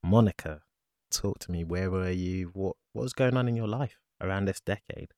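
A woman's voice: a bass voice, normal speed, mellow, no room sound, studio quality. A woman interviewing a guest in a casual chat, giving short prompts and probing questions.

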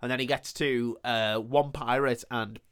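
A man co-hosting a casual podcast, recapping a film plot with lots of swearing, laughter and quick put-on quotes. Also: mid-range voice, steady tone, fairly bright tone, clear, resonant tone, no echo, studio quality. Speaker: podcast co-host.

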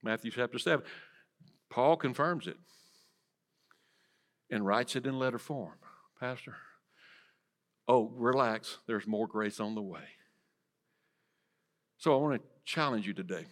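A man preaching a sermon in church, swinging from loud to hushed and asking the congregation direct questions. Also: mid-range voice, animated, a little slow, long pauses. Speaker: pastor. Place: church sanctuary.

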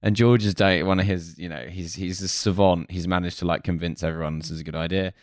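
A man with a very deep, low voice chats casually. He jokes, drifts into fillers and trails off mid-thought. The sound is close and dry, with no room around it. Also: steady tone, fast, no echo. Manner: joking, trails off with fillers, puts on silly voices. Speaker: podcast co-host. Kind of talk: casual chat recapping a sitcom.

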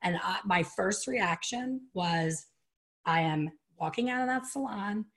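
A middle-aged woman with a mid-range voice speaks unhurriedly as an interview guest. She tells a personal story candidly and animatedly, performing the voices of the people she quotes.

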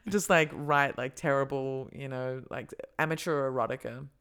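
Fields: bright, clear-voiced podcast host. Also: mid-range voice, a little slow. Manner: chatty, laughs often, many fillers. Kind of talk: casual podcast chat. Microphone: podcast microphone setup.

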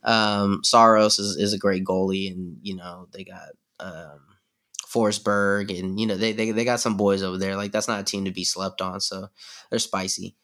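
A man's voice: low-pitched, fairly even intonation, moderate pace, fairly bright tone. A man co-hosting a sports podcast, talking loosely and profanely with lots of slang and fillers. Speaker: podcast co-host. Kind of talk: casual sports chat.

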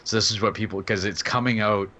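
A man's voice: lowish voice, fairly even intonation, fast, pushed and bright. A man co-hosting a casual gaming chat, rambling as he explains things. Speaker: co-host.

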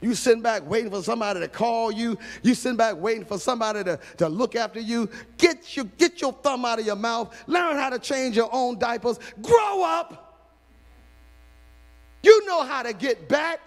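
Male preacher, high voice, hall reverb, swings from hushed telling to shouting. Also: fairly quick, few pauses. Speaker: pastor. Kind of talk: sermon.

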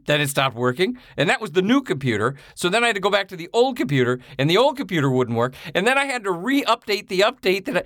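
A man co-hosting a podcast over a video call, talking in an excitable, rambling, joking way. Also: high-pitched, dry recording, clean studio sound. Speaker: podcast co-host. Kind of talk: casual chat.

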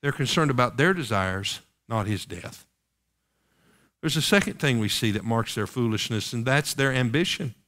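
A male preacher delivering a sermon at a mid-range pitch. He reads old King James scripture aloud and turns to the congregation again and again with pointed rhetorical questions. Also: lively intonation, moderate pace, a bit bright.

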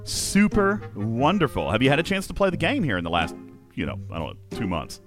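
A man's voice: medium pitch, huge pitch swings, brisk, music in the background. A man hosting a podcast, reading comedic news bits and chatting, often laughing through his own jokes. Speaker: podcast host.

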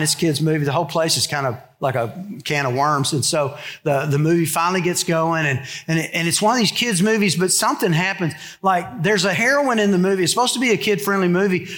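This pastor's voice runs a bit high as he preaches, sounding like a man sharing a story with friends. When he reaches the serious points, he sinks into a low, quiet tone.

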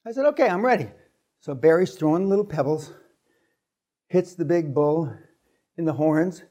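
A man with a fairly high voice tells a story to a seminar audience. He swears freely and keeps acting out the sounds of the action. His delivery is lively and unfiltered. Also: normal speed, long pauses. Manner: profane, lively storyteller who acts out sounds. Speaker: seminar speaker. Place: seminar room.

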